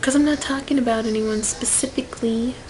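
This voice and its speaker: A young woman telling a personal story to camera in a casual vlog, swinging from loud outbursts to whispered asides. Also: on the high side, fairly even intonation, a little fast, background noise. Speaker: vlogger.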